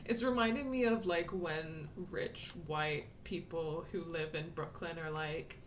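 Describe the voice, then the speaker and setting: A woman's voice: low-pitched, unhurried, a little hiss or hum. A woman co-hosting a video game let's-play, chatting casually, laughing often and stopping to explain things. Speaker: co-host playing a video game.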